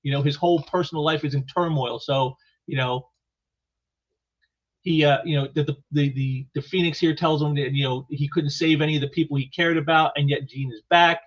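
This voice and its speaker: Male comic reviewer, higher voice, rambling delivery with many restarts, dull lo-fi sound. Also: fairly even intonation, fairly quick. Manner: rambling, heavy with "you know" fillers and restarts. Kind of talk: casual solo commentary. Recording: muffled lo-fi recording.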